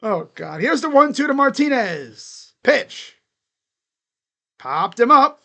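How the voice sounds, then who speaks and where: A man's voice: very high-pitched, very animated, slow, gravelly, pushed and bright. A young man doing casual live play-by-play of a baseball game, chatty and given to chanting and laughing. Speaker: live reaction play-by-play host.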